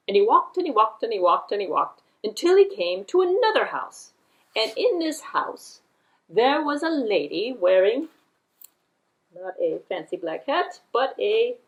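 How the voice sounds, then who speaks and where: A woman librarian telling a folk tale at a children's puppet show, expressive and drawn out. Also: a little high, low-quality recording. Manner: expressive, drawn-out, repetitive storytelling.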